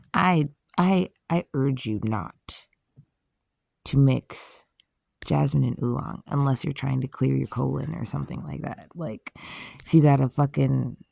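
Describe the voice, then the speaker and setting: A woman's voice: sits low, creaky, dark tone, dry recording. A woman chatting casually in a rambling way, swearing, laughing often and losing her train of thought. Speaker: vlogger.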